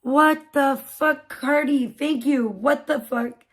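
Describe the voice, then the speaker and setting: A young woman hosting a casual livestream, her voice pitched high and a little worn from a sore throat. She talks in an excitable, loose way and swears freely. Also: slow pace. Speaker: livestream host.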